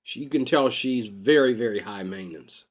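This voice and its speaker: A man talking to camera in a rambling personal vlog, unscripted and full of drawn-out ums. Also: mid-range voice, slightly rough. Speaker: vlogger. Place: Pittsburgh.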